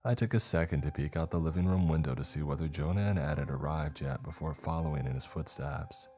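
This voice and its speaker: A man narrating a first-person horror story in a measured, atmospheric way. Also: very deep voice, darkish tone. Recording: faint music underneath.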